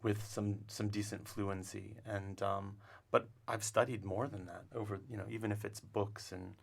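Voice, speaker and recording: A man's voice: fairly low pitch, level tone, moderate pace, creaky. A man talking in a studio interview, thoughtful and searching for words, with frequent restarts. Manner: thoughtful, many restarts and fillers. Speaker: language instructor. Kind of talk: casual interview talk.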